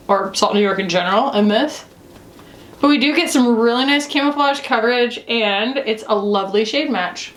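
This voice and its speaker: A woman's voice: fairly high pitch, a bit bright. A woman in her thirties chatting casually as she reviews makeup, rambling with lots of "like" and "you know.". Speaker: beauty reviewer. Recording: echoey room.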